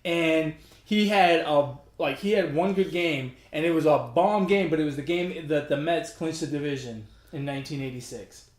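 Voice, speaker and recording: A man in his forties with a faded New York accent hosts a casual sports podcast, teasing and self-mocking. His voice sits high and bright, and an echoey room rings around him. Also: normal speed, few pauses. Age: 40s. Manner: joking, self-mocking banter. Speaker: podcast host.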